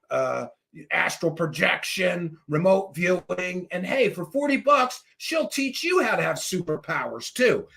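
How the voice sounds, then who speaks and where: A male host delivering an angry, mocking commentary rant, sarcastic and at times shouting. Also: high voice, breathy edge. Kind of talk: ranting commentary.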